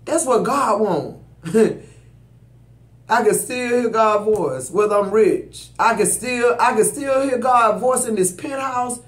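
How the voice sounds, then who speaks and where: A man's voice: high-pitched, slow, a bit bright. Guy doing a tarot reading, preachy and emphatic, aave, echoey room. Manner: preachy, emphatic, addresses viewers directly. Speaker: tarot reader. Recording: roomy echo.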